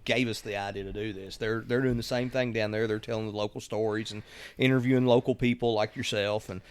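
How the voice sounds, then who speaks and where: A man's voice: on the low side, steady tone, a little fast, clear, resonant tone. A man with a Kentucky accent co-hosting a podcast in easygoing casual chat. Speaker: podcast co-host.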